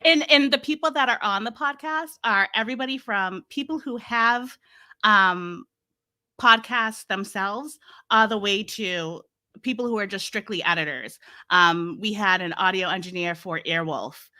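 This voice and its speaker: A bright, forceful-sounding woman with a Massachusetts accent, talking casually in an interview. She tells her stories with energy, laughing often and slipping into other people's voices. Her tone stays crisp and clear throughout. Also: mid-range voice, measured pace. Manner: lively storyteller, laughs often, acts out quotes. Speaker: podcast host and guest.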